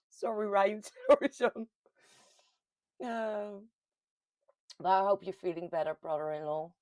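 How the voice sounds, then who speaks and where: At home, a Dutch woman from the Netherlands hosts a casual livestream, reading viewer comments aloud and laughing often. Her medium-pitched voice is a little mellow, chatty in manner, with no echo in the recording.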